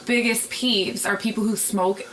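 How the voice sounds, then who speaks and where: A woman's voice: medium pitch, fairly even intonation, a little slow, fairly bright tone, slight background noise. A woman co-hosting a casual radio talk show, frank and outspoken with open swearing. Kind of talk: casual chat. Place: small home studio.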